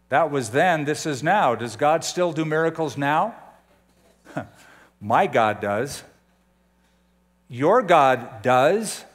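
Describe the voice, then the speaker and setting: An older man preaching a conversational sermon as a pastor, often putting questions to his listeners. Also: fairly high pitch.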